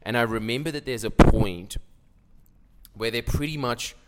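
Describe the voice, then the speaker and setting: A man's voice: medium pitch, moderate pace, long reverb tail, heavy background noise. A man, ranting brashly as a podcast co-host in casual comedic chat. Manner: brash, ranting, mock-outraged.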